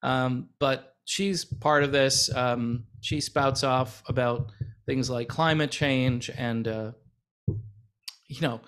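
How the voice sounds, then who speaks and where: A man's voice: mid-range voice, steady tone, slow pace, a bit bright, smooth. A man from the United States hosting a casual commentary vlog, talking in a sarcastic, rambling way with lots of fillers. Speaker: channel host.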